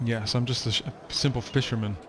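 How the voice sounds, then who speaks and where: A man's voice: medium pitch, fairly even intonation, fast, fairly bright tone, natural voice. A battered old fisherman in a tabletop game, wrapped in bandages and worn out from a pirate attack, as the game master puts him on. He sighs and answers in short, tired bursts. There is faint room noise behind him. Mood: weary. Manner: tired, sighing, clipped. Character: wounded bandaged fisherman, weary and shaken.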